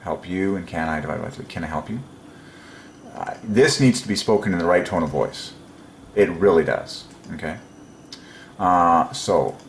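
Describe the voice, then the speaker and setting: A man's voice: low voice, echoey room, a little hiss or hum. A man giving a casual solo preaching talk, rambling and musing with frequent ums and chuckling to himself. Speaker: religious video presenter.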